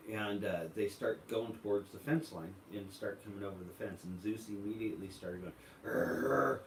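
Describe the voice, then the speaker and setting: A man's voice: fairly low pitch, fairly even intonation, fairly quick, a little mellow, a little hiss or hum. A man hosting a casual livestream, telling rambling stories full of fillers and reading viewer comments aloud. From United States. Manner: rambling storytelling with many fillers. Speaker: livestream host. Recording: echoey room, voice from far off.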